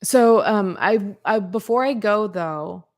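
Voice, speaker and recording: A woman's voice: mid-range voice, slow. Woman, podcast host, casual livestream chat, rambling, lots of fillers, frank, swears now and then. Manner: talks to live chat readers.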